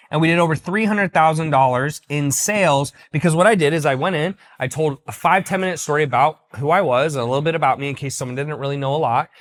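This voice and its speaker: A man's voice: a little high, fairly bright tone. A young man, a business coach, giving a confident, direct, salesy talking-head lesson.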